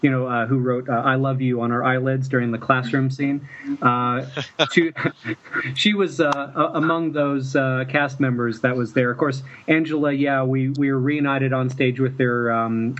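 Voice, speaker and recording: A man from Mississippi, a fan filmmaker guest, telling stories in a rambling, halting way and chuckling often. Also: mid-range voice, fairly even intonation, fairly bright tone. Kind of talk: casual storytelling interview. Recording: dull lo-fi with faint noise.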